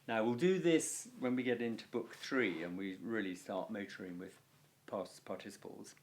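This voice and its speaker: A man teaching a Latin video lesson, explaining grammar clearly and stressing key words with deliberate pauses. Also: fairly low pitch.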